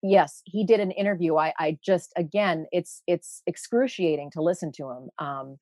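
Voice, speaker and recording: A woman's voice: fairly low pitch, normal speed, darkish tone, no echo. A woman guest on an interview show, speaking in an indignant, emphatic way. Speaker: guest, meteorologist. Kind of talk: impassioned interview talk.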